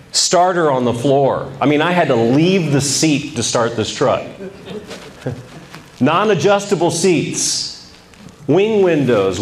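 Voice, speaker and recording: A middle-aged man telling a humorous personal story to a men's group, with lively, animated delivery. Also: on the high side, slight background noise. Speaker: speaker at a men's ministry event. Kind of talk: storytelling talk.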